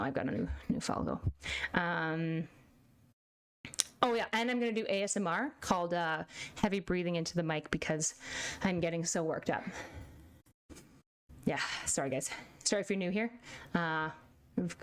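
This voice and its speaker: A woman from Canada streaming, talking in a rambling, animated way with casual swearing. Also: medium pitch, clear, resonant tone. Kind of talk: casual chat.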